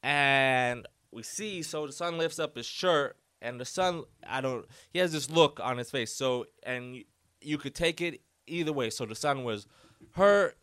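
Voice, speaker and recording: A man hosts his podcast alone, telling a rambling story in a casual, animated way. His voice is smooth and clear, recorded dry and close with no room sound. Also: medium pitch, a little slow, dry recording. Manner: animated, loose storytelling full of fillers and quoted voices. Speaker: podcast host.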